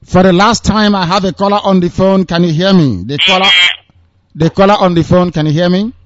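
A man's voice: high voice, steady tone, brisk. A man hosting a live call-in radio show. He speaks formally, thanks callers again and again and repeats his phrases. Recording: muffled dry radio broadcast.

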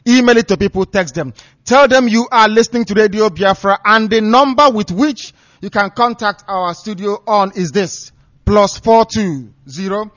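A man with a high voice gives a live radio address in a forceful, preaching style, driving home each point. The sound is dry and close, with a dull, lo-fi tone from the studio line. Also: moderate pace, no room sound. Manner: emphatic, preaching declamation. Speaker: radio broadcaster.

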